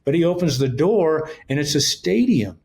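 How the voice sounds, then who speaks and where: This middle-aged man's voice is a little high, gravelly yet slightly mellow, very animated, and at a normal speed. He's a ministry leader being interviewed, earnestly telling his testimony and voicing the quoted lines of each exchange.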